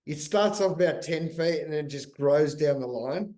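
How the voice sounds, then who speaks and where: A man's voice: a little high, normal speed, warm tone. A middle-aged Australian man, a guest in casual chat, talking in a loose, rambling way and swearing freely. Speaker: guest, big wave surfer.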